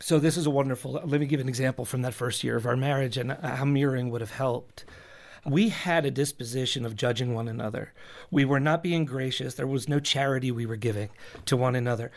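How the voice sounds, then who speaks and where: A man's voice: medium pitch, a little fast. A man, a pastor and podcast guest, earnestly explaining with everyday examples and repeating words as he thinks. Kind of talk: earnest advice in a recorded talk.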